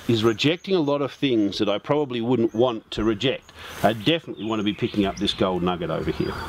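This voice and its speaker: A man giving a steady, explanatory product demonstration, talking through each step as he sweeps over test targets. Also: medium pitch. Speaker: metal detector demonstrator. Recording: steady noise and detector beeps behind voice.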